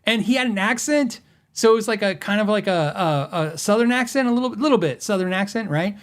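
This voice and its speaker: A man's voice: high voice, animated, brisk, a bit bright. A middle-aged man hosting a podcast, telling stories in casual chat with lots of fillers and restarts. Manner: rambling, filler-heavy storytelling with laughs. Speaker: podcast host.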